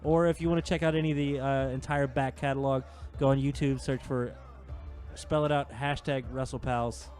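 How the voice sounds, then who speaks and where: A man's voice: mid-range voice, little pitch movement, moderate pace, a little mellow, faint music behind. A man co-hosting a wrestling podcast, chatting casually in a rambling, jokey way with lots of filler. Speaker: podcast co-host. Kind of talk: casual chat.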